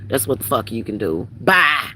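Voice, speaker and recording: This livestream host, a spiritual reader, has a very deep, sharp-toned voice and is very animated at a moderate pace, with a little hiss or hum. She reads her viewers' comments aloud and hits back, profane and confrontational.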